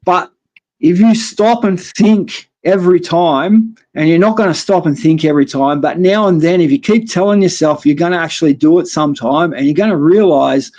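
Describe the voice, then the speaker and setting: Aussie bloke on a live stream, bit higher voice, rambles on and swears a lot. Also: male voice, moderate pace, a little mellow. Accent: Australian. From Australia. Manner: rambling, blunt, heavy swearing. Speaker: guest caller. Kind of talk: casual live-stream chat.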